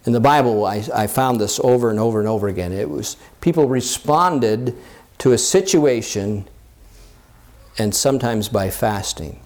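A man's voice: expressive, moderate pace, darkish tone. Earnest man preaching a sermon. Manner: earnest teaching tone with frequent uh fillers and restarts; rises in pitch when quoting scripture. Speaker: pastor.

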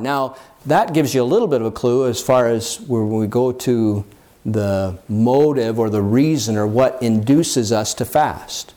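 A man's voice: measured pace, mellow. A man preaching a sermon in an earnest teaching tone, with fillers and restarts, lifting his voice when he quotes scripture. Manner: rises in pitch when quoting scripture. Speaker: pastor.

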